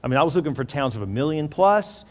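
Fast-talking pastor with a hall echo. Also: male voice, fairly high pitch. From Houston, Texas. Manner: animated, acts out quoted dialogue. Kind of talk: storytelling sermon. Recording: long reverb of a large hall.

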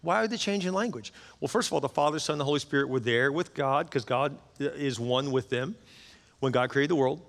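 A man's voice: a little high, fairly bright tone. A middle-aged man preaching a sermon as a pastor, earnest and urging his congregation to act. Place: large church auditorium. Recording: hall reverb in a big church.

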